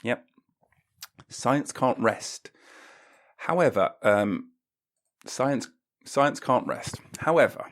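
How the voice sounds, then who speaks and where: A man hosting a comedy podcast, ranting in a mock-pompous way and breaking into silly voices. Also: medium pitch. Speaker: podcast host.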